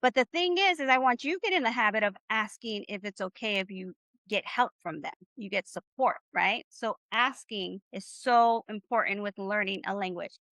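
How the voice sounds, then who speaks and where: A woman's voice: medium pitch, normal speed, pushed and bright, no room sound. A woman teaching Spanish in a live online class, upbeat and encouraging, often checking in with "right?". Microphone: video call.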